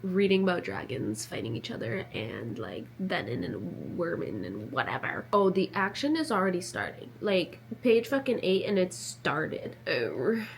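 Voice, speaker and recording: Woman in her 20s, excitable reading vlogger, casual home recording. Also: on the low side, a little slow, vocal fry, hardly any pauses, slight background noise. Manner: excitable, chatty, full of fillers. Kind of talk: casual vlog chat.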